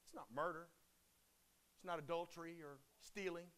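A man preaching a sermon, swinging between loud impassioned declarations and hushed, quiet drops. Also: a little high, steady tone, normal speed.

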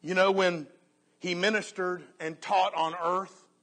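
A man preaching a sermon earnestly, often dropping to a soft hush on key phrases. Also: sits high, little pitch movement, a little slow.

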